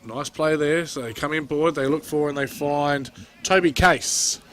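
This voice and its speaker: A man's voice: on the high side, unhurried, a little hiss or hum. A man with an Australian accent calling a local football game play by play, chatty and jokey. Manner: chatty, jokey, excitable on goals. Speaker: play-by-play commentator. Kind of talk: amateur sports commentary.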